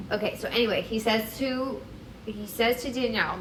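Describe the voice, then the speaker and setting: A woman's voice: on the high side, normal speed, a bit bright, a little hiss or hum. A tipsy woman rambling through a comic retelling, losing her thread and repeating herself. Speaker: storyteller. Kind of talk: comic drunk-history retelling. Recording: echoey room with music.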